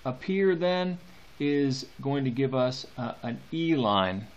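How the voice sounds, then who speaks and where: A man teaching a poetry lesson, talking in a halting way with many fillers and restarts. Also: mid-range voice, animated, highs cut off. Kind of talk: poetry lecture.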